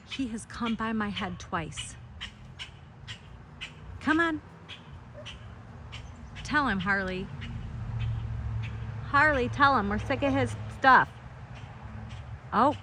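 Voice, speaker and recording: A woman vlogging outdoors in her backyard, talking to the camera and coaxing a bird in a high sing-song voice. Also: a bit bright, a little hiss or hum.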